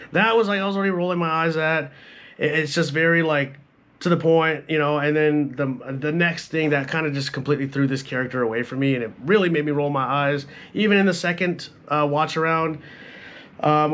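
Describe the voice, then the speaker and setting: A man's voice: on the high side, a bit bright. A young man giving a casual, profane film review, talking bluntly and filling his sentences with "like" and "bro.". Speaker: movie reviewer.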